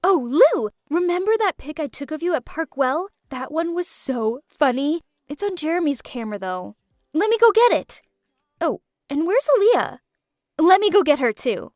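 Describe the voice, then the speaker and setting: A woman voicing an excitable young woman with a temper who speaks shrilly and emphatically. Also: high-pitched, normal speed, dry recording, clean studio sound, pitched above the performer's own voice. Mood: excited.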